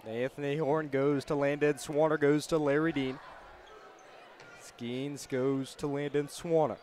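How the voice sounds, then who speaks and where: A man calling a high school basketball game play-by-play, passing the ball from name to name in a steady call that lifts when a shot goes up. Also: measured pace, a little hiss or hum. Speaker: play-by-play announcer. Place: school gym.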